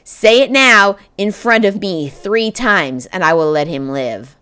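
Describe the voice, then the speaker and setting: A woman voicing a cruel female witch in an audiobook, loud and commanding. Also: medium pitch, animated, measured pace, clear, resonant tone, pitched above the performer's own voice.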